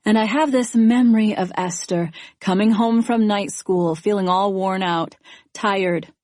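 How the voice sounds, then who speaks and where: A woman narrating a first-person thriller audiobook in a measured, even storytelling manner. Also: medium pitch, no echo, studio quality.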